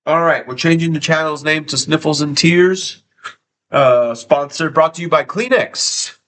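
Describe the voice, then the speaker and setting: A man's voice: a little high, a little slow, fairly bright tone. A man live streaming from home, tearful and sniffly, talking emotionally and repeating himself, with frequent swearing. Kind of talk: casual live stream chat.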